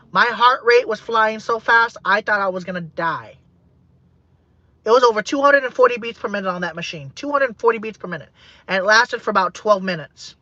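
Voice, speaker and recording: A man's voice: sits high, pushed and bright, no echo, muffled recording. A man talking in a personal vlog monologue, rambling and repeating himself. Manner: rambling and repetitive.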